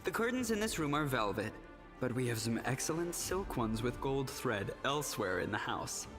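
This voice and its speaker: A man's voice: mid-range voice, big pitch swings, normal speed, lightly acted. Man voicing a pompous aristocrat count, drawling arch tone, echoey game audio, music behind. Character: haughty, decadent male noble count. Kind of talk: video game voice acting.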